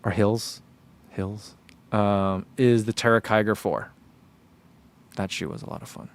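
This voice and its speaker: A man's voice: fairly low pitch, normal speed, a little hiss or hum. A man chatting casually on a vlog, rambling through running shoe thoughts and reading viewer comments aloud.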